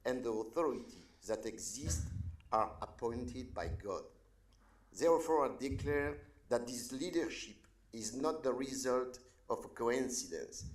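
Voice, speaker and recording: A man from France with a French accent, a pastor giving an invocation prayer at a county meeting, fervent and rising on key words. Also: medium pitch. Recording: echoey meeting chamber.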